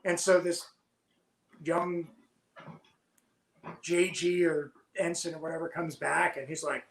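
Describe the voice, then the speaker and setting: Animated man telling service stories, echoey. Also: fairly high pitch, slow pace, creaky, long pauses. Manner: animated storyteller, laughs while telling. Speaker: guest, former submarine officer. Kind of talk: storytelling in casual podcast chat.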